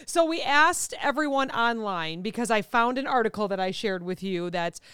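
A woman's voice: fairly high pitch, lively intonation, normal speed, a bit bright, clean tone, no room sound, clean studio sound. A woman co-hosting a podcast in casual chat, reacting to her partner and reading out listener answers. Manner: reactive, laughs often, reads listener answers. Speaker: podcast co-host.

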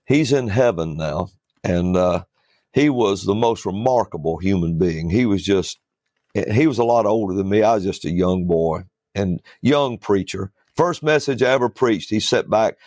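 A man's voice: fairly low pitch, lively intonation, moderate pace, a little mellow, no echo, studio quality. A man who is a preacher, telling a folksy story in a casual talk-show chat. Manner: fiery and preachy, then folksy anecdote-telling.

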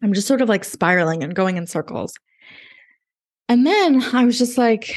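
A woman's voice: a little high, expressive, moderate pace. Chatty woman telling her story. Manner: chatty, lots of "like", relives moments in quoted inner voice. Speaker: podcast guest, dating coach. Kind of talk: casual interview storytelling.

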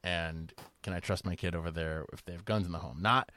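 A man's voice: sits low, little pitch movement, brisk, dry recording, clean studio sound. A man hosting a podcast, talking casually in a rambling way with restarts and lots of "like". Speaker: podcast host. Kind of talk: casual discussion.

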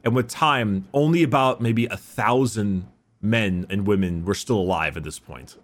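A man's voice: on the low side, moderate pace. A man casually telling a long story, rambling with fillers and restarts.

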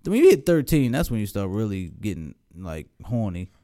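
A man's voice: on the low side, normal speed. A man telling stories in a casual chat, laughing often. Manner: animated storytelling, laughs often.

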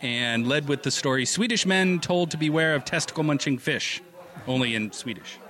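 A man co-hosting a podcast in casual chat, animated and laughing often as he reads out stories. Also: a little high, normal speed. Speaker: podcast co-host.

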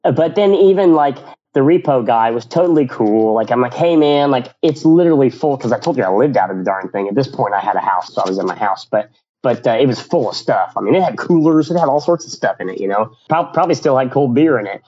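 A man's voice: mid-range voice, fast. Guy rambling thru his stories on the radio, lots of restarts, acts out quotes, kinda muffled sound. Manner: rambling, many restarts, animated quoting. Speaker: business owner guest. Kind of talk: casual radio interview storytelling.

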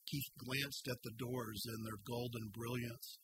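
A man narrating an audiobook chapter in a slow, even storytelling manner, with loud guitar music underneath. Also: mid-range voice, noisy background. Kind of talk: scripted narration.

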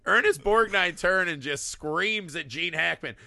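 A man with a gravelly, very bright voice pitched a little high. He talks about films in an irreverent, profane way, breaking into laughter often, recorded close and dry. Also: unhurried, no echo. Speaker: podcast co-host. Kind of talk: casual film discussion.

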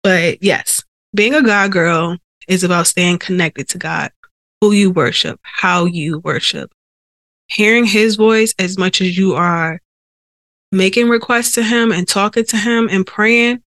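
A woman hosts a faith podcast and shares her own story in an earnest, conversational manner. Her held breaths and sighs come through on a sensitive close microphone. The sound is dry, and her voice sits in a middle pitch. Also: measured pace, fairly bright tone, no room sound. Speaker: podcast host. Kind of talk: faith-based personal testimony.

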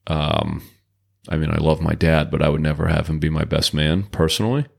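A man's voice: rumbling low, fairly even intonation, gravelly. A man from southeastern Massachusetts with a mild Boston-area accent, chatting casually as a podcast co-host in a small home gym room. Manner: easygoing, joking banter with quick agreement. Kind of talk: casual chat.

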